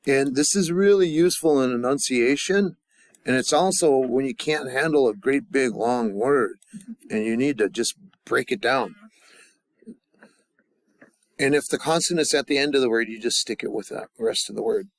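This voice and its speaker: A man teaching a language class, leading the students through call-and-response drills and pausing often with fillers and restarts. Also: mid-range voice, no room sound. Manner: halting, with many fillers and restarts. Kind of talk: classroom grammar lesson.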